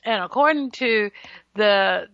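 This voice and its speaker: Slow, gravelly woman radio health host. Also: medium pitch, expressive, fairly bright tone, no echo. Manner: emphatic, teasing, preachy asides to listeners. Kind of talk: solo radio health talk. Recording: dull lo-fi radio broadcast audio.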